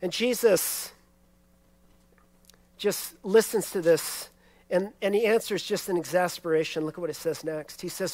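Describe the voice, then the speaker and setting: A man preaching a sermon, telling a scripture story expressively and swinging between loud emphasis and hushed lines. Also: sits high, steady tone, measured pace, pauses often, dry recording. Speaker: pastor.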